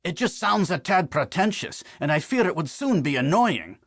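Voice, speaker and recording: A man's voice: fairly high pitch, sing-song, normal speed, fairly bright tone, no echo, clean studio sound, heavily acted. A man voicing a wry, teasing older man in an audiobook, needling his friend. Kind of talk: audiobook character voice.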